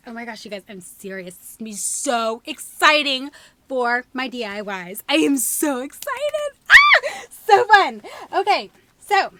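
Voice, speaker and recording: A woman's voice: high voice, dry recording. A woman, gushing and gasping as she unboxes gifts in her vlog. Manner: gushing, gasping, squealing with excitement. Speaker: vlogger.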